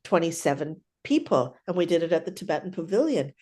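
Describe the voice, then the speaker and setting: An older woman who teaches clowning chats animatedly through stories in a casual interview, often tagging sentences with "right?". Her voice is lowish and dark with big pitch swings, and she speaks briskly.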